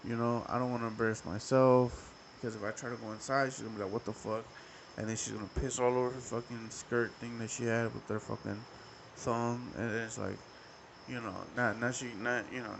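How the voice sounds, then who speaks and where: A young man hosting a podcast, telling a story in a profane, rambling, animated way. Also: medium pitch, vocal fry, noisy background. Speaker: podcast host. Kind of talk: casual storytelling.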